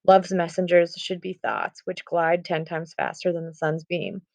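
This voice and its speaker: A woman's voice: fairly low pitch, level tone, unhurried, vocal fry, a little mellow, dry recording. A woman reading the lines of an anxious, impatient teenage girl in love in a fairly plain voice, then restating them in modern words. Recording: dull, muffled recording.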